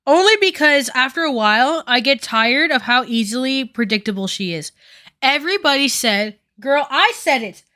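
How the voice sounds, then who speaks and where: Bright-voiced woman chatting through makeup. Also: high voice, expressive, normal speed. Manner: rambling, lots of "like", casual swearing. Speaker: commentary streamer. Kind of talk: casual commentary while doing makeup.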